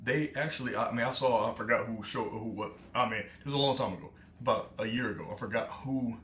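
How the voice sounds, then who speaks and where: Rambling reaction streamer, echoey room. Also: male voice, medium pitch, fast, a bit bright. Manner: rambling, many fillers and restarts. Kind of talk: casual rambling commentary. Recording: echoey room with faint noise.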